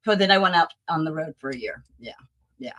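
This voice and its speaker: A woman in her sixties, a talent agency founder, telling lively stories from her career as an interview guest. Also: deep voice, brisk. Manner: animated storyteller who acts out the people in her stories. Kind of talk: anecdotal interview storytelling.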